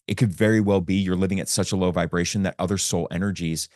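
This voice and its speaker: A man's voice: low-pitched, steady tone, quick pace, darkish tone, no room sound, clean studio sound. A man, a podcast guest, earnestly telling a personal story and often retelling conversations as quoted dialogue.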